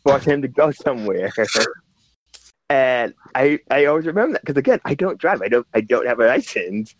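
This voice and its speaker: A man's voice: medium pitch, animated, fairly quick, a little hiss or hum. A man from New York City chatting casually as a podcast co-host, rambling with lots of restarts and fillers. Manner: rambling, many restarts and fillers, laughing storyteller. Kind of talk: casual chat. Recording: slightly dull lo-fi sound.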